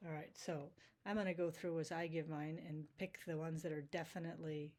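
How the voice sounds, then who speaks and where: Casual teacher, keeps asking "right?". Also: female voice, deep voice, fairly even intonation, brisk, darkish tone. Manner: casual, checks in with frequent "right?". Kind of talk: recorded video lecture.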